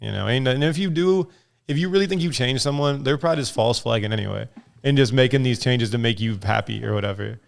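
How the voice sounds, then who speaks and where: A man's voice: medium pitch, fast talker, vocal fry. A man co-hosting a podcast in casual chat, slangy and laughing often, acting out little quotes. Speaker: podcast co-host.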